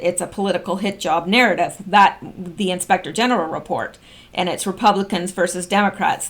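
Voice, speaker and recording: A woman reading posts aloud slowly and commenting on them in casual chat, with frequent ums and restarts. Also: lowish voice. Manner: reads slowly and comments with fillers. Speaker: online commentator.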